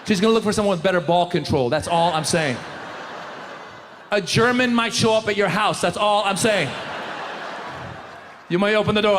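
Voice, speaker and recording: Doing stand-up in front of a live crowd, a middle-aged man animatedly mimics voices and sound effects. His voice is a little high, his speed normal with frequent pauses, and the big room rings with laughter and audience noise.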